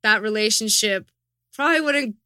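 A woman's voice: fairly high pitch, normal speed, pushed and bright, clean tone, no echo, studio quality. A young woman chatting as a podcast guest, easygoing, with lots of fillers. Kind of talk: casual chat.

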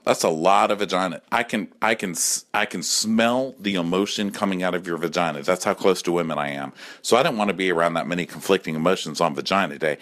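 A man's voice: low-pitched, a bit bright. A man in his forties delivering a campy, profane comic monologue at home, often acting out other voices. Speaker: comedy podcast host.

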